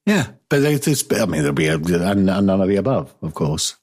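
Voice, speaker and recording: A British man hosting a radio talk show with a fairly low voice. He chats loosely, wandering through asides and restarting his sentences. The tone is casual and unscripted. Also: sing-song, moderate pace, few pauses. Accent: British English. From Britain. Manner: rambling, with many fillers and restarts.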